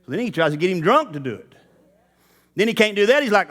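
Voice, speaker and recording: A man's voice: sits high, very animated, quick pace, fairly bright tone. A man preaching a sermon in church, talking casually and straight to the congregation. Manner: conversational, addresses the congregation directly.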